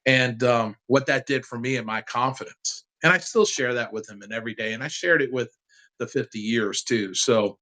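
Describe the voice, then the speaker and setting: A man in his fifties, a guest on a sports interview, telling a heartfelt childhood story in an animated, casual way. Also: mid-range voice, moderate pace, low-quality recording.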